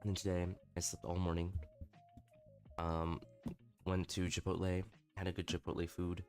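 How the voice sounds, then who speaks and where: A man's voice: sits low, little pitch movement, moderate pace, darkish tone, soft background music. A young man livestreaming, telling a candid night-out story with lots of swearing and self-mocking. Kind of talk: casual storytelling stream.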